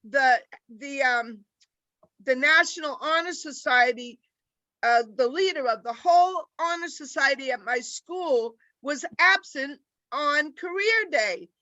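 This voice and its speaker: An older woman with a New York accent, a former teacher doing a deadpan, rambling stand-up set over a video call. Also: high-pitched, takes it slowly, no room sound, rough recording. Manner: deadpan, rambling joke delivery. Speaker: stand-up comic.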